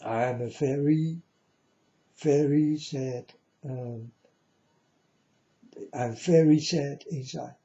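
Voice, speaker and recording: A man giving a mournful prophetic warning monologue, slowly speaking straight to his listeners and calling them folks. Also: medium pitch, warm tone. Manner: slow, mournful, repeatedly addresses listeners as folks. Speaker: self-styled prophet. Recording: dull lo-fi audio.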